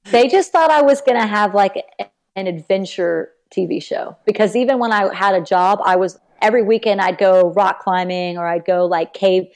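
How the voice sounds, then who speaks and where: Animated young woman telling stories. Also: normal speed. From Texas. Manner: animated, acts out quoted people with big pitch jumps. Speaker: podcast guest. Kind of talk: casual storytelling in an interview.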